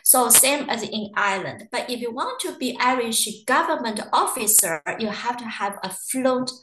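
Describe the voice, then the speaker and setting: A woman's voice: on the high side, expressive, normal speed, echoey room, background noise. A woman telling stories in a chatty, casual way during a university webinar. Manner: chatty, storytelling with acted quotes. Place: living in Ireland.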